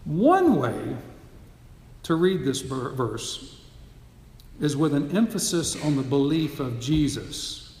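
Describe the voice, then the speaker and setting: Male pastor, slightly high voice, earnest teaching sermon, long church-hall reverb. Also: very animated, takes it slowly, pauses often, darkish tone, slight background noise. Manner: earnest teaching, building to emphatic repetition.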